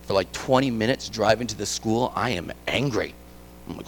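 A middle-aged man giving a guest sermon in a conversational, storytelling way, swinging from quiet asides to emphatic points. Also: mid-range voice, very animated, normal speed, vocal fry, slight background noise. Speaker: guest preacher. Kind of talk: conversational sermon with personal stories.

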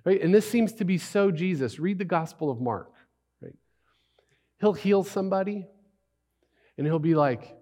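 A man's voice: high-pitched, expressive, moderate pace, long pauses, dark tone. A man preaching a sermon as a pastor, in a conversational way with many rhetorical questions and repeated phrases.

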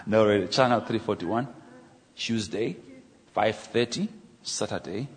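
A man preaching a sermon, telling stories and acting out conversations in an animated way. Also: on the low side, breathy edge. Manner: animated, acts out dialogue with pauses and exclamations. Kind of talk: sermon storytelling. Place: church. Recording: echoey church hall.

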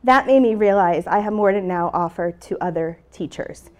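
A woman's voice: medium pitch, moderate pace. A middle-aged woman teacher giving an earnest, emotional talk about her classroom, speaking to an audience with slides.

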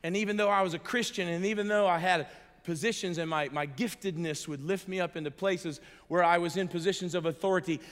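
A middle-aged man preaches and tells his story with strong feeling, dropping to a hush and then rising to loud peaks. His voice sits slightly higher than most men's. It rings out with the long reverb of a large hall. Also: quick pace. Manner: emotional storytelling, shifting from hushed to loud. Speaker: pastor. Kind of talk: sermon with personal testimony. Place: church hall.

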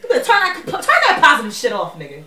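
Animated high-voiced woman, roomy sound. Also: very fast, far from the mic, crowd noise. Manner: animated, laughs often, slangy. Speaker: podcast co-host. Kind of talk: casual chat.

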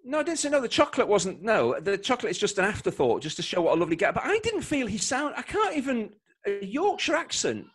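Man, football co-commentator, casual podcast chat, playful storyteller, slightly high voice. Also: huge pitch swings, fast, husky. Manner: playful, mock-pompous storytelling.

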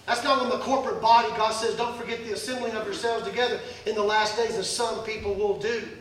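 Folksy pastor, high voice, echoey distant church sound. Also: male voice, fairly even intonation, fast, a bit bright, a little hiss or hum. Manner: folksy, joking preacher acting out Bible scenes. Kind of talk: sermon. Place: church sanctuary.

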